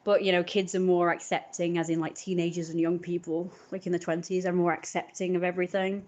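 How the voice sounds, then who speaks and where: A woman's voice: lowish voice, flat delivery, fairly quick, hardly any pauses, darkish tone, highs cut off, a little hiss or hum. A woman on a live stream, telling a long rambling story in an indignant tone.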